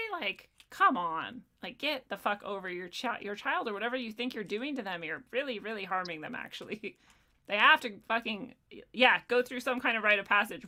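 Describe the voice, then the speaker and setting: A woman in her thirties chatting casually on a podcast, animated, laughing and swearing often. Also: medium pitch. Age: 30s. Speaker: podcast host. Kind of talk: casual chat.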